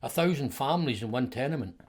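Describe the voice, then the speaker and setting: Scottish man, 70s, podcast guest, rambling anecdotes, chuckles often, restarts sentences, middle pitch. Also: lively intonation, quick pace, a little mellow, slightly rough. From Scotland. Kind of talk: casual storytelling conversation.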